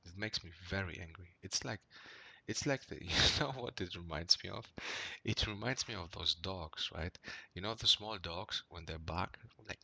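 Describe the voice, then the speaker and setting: Low gravelly man rambling through poker hands. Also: normal speed, bright, forceful tone, dry recording. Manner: rambling, frequent "right?" tags and fillers; gets worked up and swears when annoyed. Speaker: poker player reviewing his hands. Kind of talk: casual commentary over gameplay.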